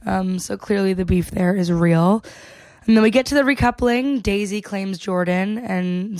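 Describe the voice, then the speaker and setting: A woman's voice: mid-range voice, unhurried, a little mellow, no room sound. A woman co-hosting a podcast, casually recapping an episode in a chatty way, swearing freely and laughing between points. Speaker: podcast co-host.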